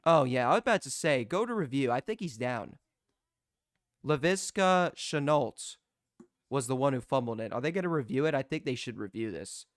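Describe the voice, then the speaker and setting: A young man giving live play-by-play as a fan commentator, excitable and prone to restarting his sentences. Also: mid-range voice, normal speed, dry recording, clean studio sound. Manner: excitable, shouts in disbelief, repeats and restarts.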